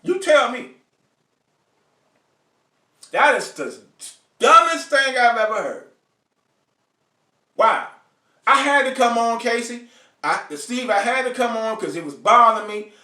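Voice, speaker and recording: A man's voice: extremely high pitch, lively intonation, a little slow, pauses often, pushed and bright, echoey room, far from the mic. A man hosting a live online show, ranting bluntly and profanely to his viewers and calling out to them by name. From United States. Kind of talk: ranting live stream monologue.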